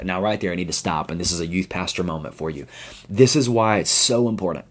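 A youth pastor with a very low voice gives a daily Bible devotional. He talks casually and earnestly. He keeps asking his listeners rhetorical questions. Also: a little mellow.

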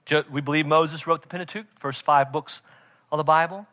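A man preaching a sermon as pastor, emphatic, swinging from shouts to quiet intensity and often checking in with "right?". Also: on the high side, steady tone, fairly quick. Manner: emphatic, repeats "right?" to the congregation.

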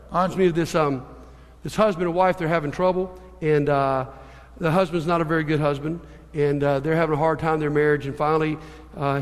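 A man preaching a sermon as a pastor, telling stories in an animated way and moving between hushed and emphatic delivery. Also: a little high, in a large hall. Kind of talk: sermon with storytelling.

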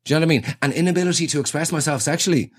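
A man with an Irish accent telling a comic story in a quick, sweary, exaggerated rant. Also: on the high side. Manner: rapid, sweary, exaggerated rants. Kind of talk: comedic storytelling monologue.

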